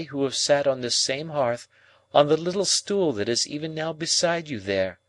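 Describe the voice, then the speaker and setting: A man reading an audiobook, voicing a proud, composed young woman who speaks in a calm, measured way. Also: fairly high pitch, dry recording, pitched above the performer's own voice. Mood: cool. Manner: calm, measured, coldly reasoning.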